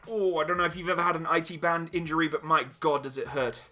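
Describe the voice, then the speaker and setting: A man's voice: a little high, fairly even intonation, quick pace, crowd noise. A young man hosting a casual live chat stream, reading out donations and laughing often at himself. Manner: laughs often, giggly and self-mocking. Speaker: livestream host reading donations.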